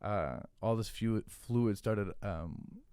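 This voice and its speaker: A man's voice: lowish voice, takes it slowly, clear, resonant tone, no room sound, studio quality. A man telling a story as a podcast guest, casual and profane, with lots of "like" fillers. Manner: animated, profane, filler-heavy, "like" every few words.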